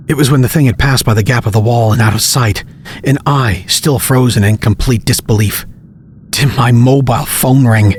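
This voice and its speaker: A man narrating a scripted horror story of his own in the first person, tense and hushed, building urgency. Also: medium pitch. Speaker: narrator and author.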